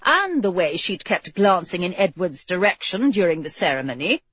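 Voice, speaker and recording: A woman's voice: lowish voice, big pitch swings, normal speed, fairly bright tone, slightly rough, no echo. A woman narrating a storybook in a wry, playful scripted read. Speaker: audiobook narrator. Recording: dull lo-fi, dry.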